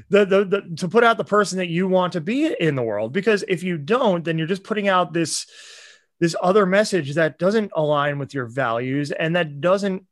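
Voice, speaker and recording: A man's voice: sits high, animated, moderate pace, dry recording, studio quality. A man co-hosting a podcast, talking in an earnest, impassioned, preachy way in casual chat. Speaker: podcast co-host.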